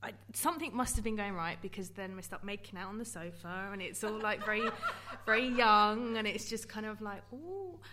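A woman's voice: medium pitch, steady tone, brisk, hardly any pauses, very noisy. A woman telling a funny story on a podcast, giggling as she goes. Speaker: podcast guest. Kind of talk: casual chat.

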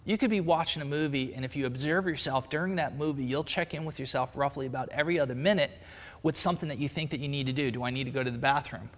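Recorded in an echoey room with long reverb, a man whose voice sits on the high side talks quickly. He wanders casually through spiritual ideas, working them out aloud as he explains.

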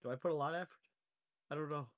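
A young man chatting casually about a tabletop game with friends, animated and laughing, swearing freely. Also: on the high side, racing. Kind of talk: casual chat.

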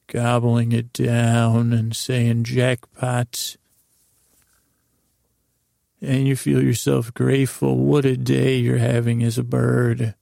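A man telling a meandering, improvised sleep story, halting often with ums and restarts. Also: mid-range voice, creaky, dark tone, no echo, clean studio sound. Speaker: podcast host.

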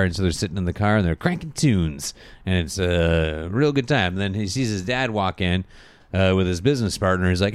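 A man's voice: sits low, animated, brisk, smooth, no echo. A man hosting a podcast, casually recapping a TV episode in a rambling, profane way. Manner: rambling, profane, laughs a lot. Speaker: podcast host.

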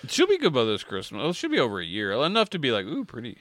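A man's voice: mid-range voice, huge pitch swings, rapid-fire, a bit bright, no room sound. A young man chatting casually, telling funny stories and acting out the voices of people in them. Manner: storytelling, laughing, acts out quoted voices. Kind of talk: casual chat.

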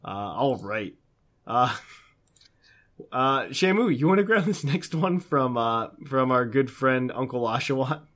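A man's voice: mid-range voice, lively intonation, slow pace, fairly bright tone. A man co-hosting a casual podcast, reading listener mail in a laid-back, jokey way. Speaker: podcast co-host.

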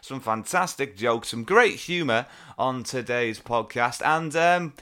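A man's voice: mid-range voice, animated, a little slow, a bit bright, clear, resonant tone. A man hosting a fan podcast, chatting in a jokey, rambling way. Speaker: podcast host. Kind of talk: casual podcast chat.

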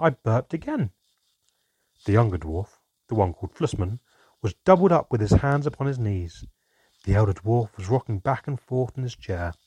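Male audiobook narrator, mellow and husky, steady fantasy reading. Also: fairly low pitch, no echo.

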